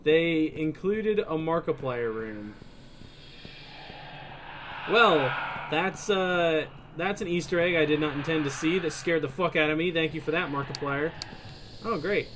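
A young man doing let's play commentary on a horror game, excitable, swearing often and breaking into laughter. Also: fairly high pitch, slight background noise. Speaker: gaming video host.

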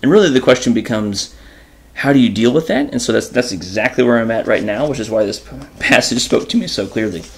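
A man hosting an informal enrichment lesson, animated and chatty as he reads from a children's book. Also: mid-range voice, brisk. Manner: animated, informal, many fillers. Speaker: host and teacher.

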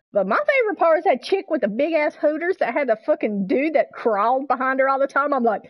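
A woman streaming a game live, chatting casually with viewers, excitable and swearing freely. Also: high-pitched, a little fast, few pauses, no room sound, muffled recording.

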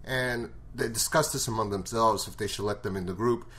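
A man's voice: fairly low pitch, a little fast, a bit bright. Blunt, profane man recapping a show. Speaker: show reviewer. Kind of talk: casual episode recap.

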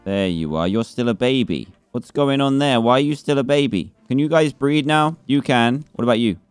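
A man's voice: mid-range voice, moderate pace, clean tone, no echo, soft background music. A young man with a British accent giving chatty Let's Play commentary and teasing the game animals in mock scolding. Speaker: gaming YouTuber.

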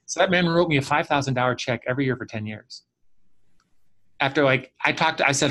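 Appearing as a guest in an online class over video call, a Chicago-area man with a mid-range voice talks quickly as he tells a long story. He animatedly acts out the quoted voices of its characters.

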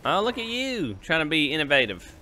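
Young man, drawl, rowdy joker for casual game roleplay; voice sits a touch higher than most. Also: wildly swooping pitch, brisk, pushed and bright, slight background noise. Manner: rowdy joking drawl, makes siren noises. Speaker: streamer playing a roleplay character. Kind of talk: casual in-character roleplay banter.

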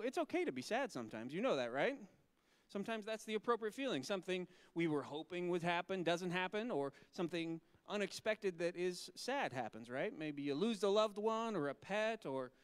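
A male pastor talking gently with children and asking them questions, then reading scripture slowly and solemnly. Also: high voice, smooth, dry recording.

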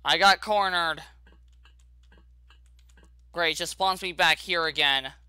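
A man hosting his gaming channel, narrating a horror game as he plays, jittery and saying how scared he is, with sudden loud yelps. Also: on the high side, takes it slowly, clean tone, no echo. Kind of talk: horror game let's play commentary.

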